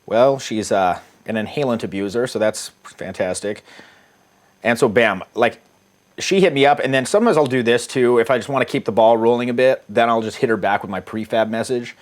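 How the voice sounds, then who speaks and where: A man's voice: mid-range voice, brisk. Crude, offhand man. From United States. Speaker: dating coach. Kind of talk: casual commentary on text exchanges.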